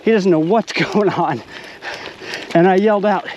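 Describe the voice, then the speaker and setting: A man casually telling a story outdoors on a mountain bike trail, animated and acting out the quotes. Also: high voice, moderate pace, pauses often, highs cut off, slight background noise. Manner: animated, acts out quotes with rising shouts.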